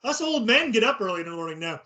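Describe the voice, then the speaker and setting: A man's voice: high voice, very animated, quick pace, bright, forceful tone. A middle-aged man co-hosting a casual chat about paranormal investigations, laid-back and joking. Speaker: podcast co-host.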